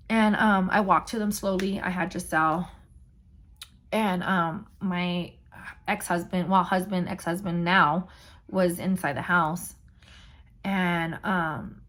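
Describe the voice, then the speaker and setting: A woman's voice: fairly low pitch, fairly bright tone. A young woman vlogger candidly retelling a painful personal story, blunt and emotional.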